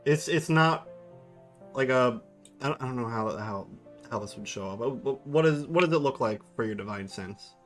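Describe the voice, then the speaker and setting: Male game master, mid-pitch, halting, music bed. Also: animated, fairly bright tone. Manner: hesitant, restarts often while describing. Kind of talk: narrating a tabletop game.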